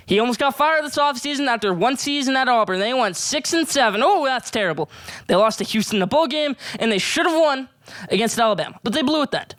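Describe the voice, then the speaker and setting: A man's voice: very high voice, a bit bright. A man hosting a sports podcast, ranting emphatically about football coaches and players. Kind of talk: solo sports rant.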